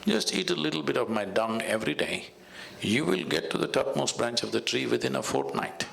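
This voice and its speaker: A man with an Indian English accent voicing a smug, nonchalant old bull in a spoken fable, deep and unhurried. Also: animated, vocal fry, fairly bright tone.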